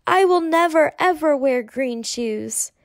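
Woman doing a stubborn little girl, wailing, bellowing, high-pitched. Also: animated, takes it slowly, dry recording, exaggerated voice. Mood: indignant.

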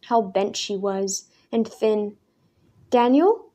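Here a female audiobook narrator reads a scripted story aloud. She keeps a medium pitch and an even, deliberate delivery throughout.

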